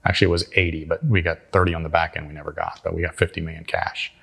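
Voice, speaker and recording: Male interview guest, deep-voiced, tells stories with energy and folksy grammar. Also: racing, vocal fry, breathy edge. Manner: animated storyteller acting out quotes. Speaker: guest entrepreneur. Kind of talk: storytelling interview.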